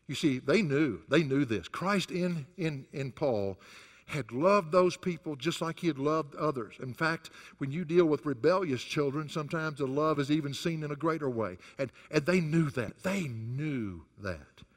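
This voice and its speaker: A man's voice: mid-range voice, fairly bright tone, big-room sound. A male pastor preaching a sermon who swings his voice up and down hard for emphasis. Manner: rises and falls sharply for emphasis, chuckles between points.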